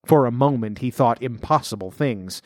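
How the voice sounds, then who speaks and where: A man narrating a classic story in an audiobook reading, measured and slowing in tense passages. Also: medium pitch, a little mellow, no echo, clean studio sound.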